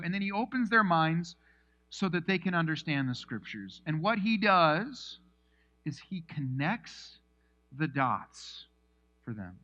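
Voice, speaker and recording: High, bright-voiced animated pastor. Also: male voice, unhurried, highs cut off. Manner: animated storytelling, acts out scenes. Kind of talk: sermon.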